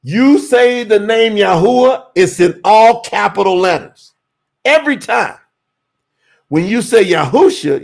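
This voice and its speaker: Slightly high-voiced male livestream host, animated and emphatic, talks to chat as y'all. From USA. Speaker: livestream host teaching Hebrew scripture. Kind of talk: casual livestream teaching with chat.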